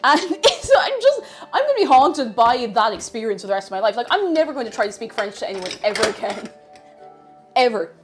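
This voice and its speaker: A woman's voice: a little high, expressive, quick pace, faint music behind. A woman telling self-mocking anecdotes in a casual live stream, with many fillers.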